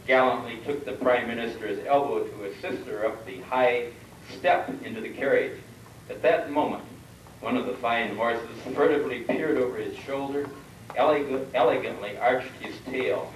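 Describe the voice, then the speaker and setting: A man acting as emcee at a family reunion, telling long jokes in a measured storyteller's way with drawn-out punchlines. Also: medium pitch, a little hiss or hum. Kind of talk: joke telling to a crowd. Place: reunion gathering hall. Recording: roomy hall from far off.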